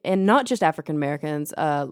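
Reflective woman, slightly low voice. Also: expressive, quick pace, clear, resonant tone, no room sound, clean studio sound. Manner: reflective, hesitant, many fillers. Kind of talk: casual conversation.

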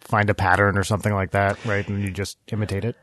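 A man's voice: fairly low pitch, little pitch movement, fast talker, fairly bright tone. A man in a casual science chat, chiming in with short reactions and follow-up questions.

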